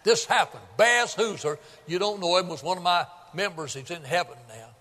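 A male pastor preaching a sermon in a folksy storytelling way, building up to shouts at the high points. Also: animated, moderate pace. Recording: long hall reverb.

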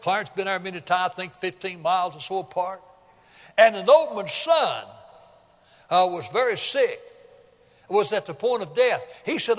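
An older man delivers a folksy sermon, swinging from loud emphatic peaks to low asides as he retells Bible stories. His voice sits high, and it rings with a long reverb from a large hall. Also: lively intonation, normal speed. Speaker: preacher.

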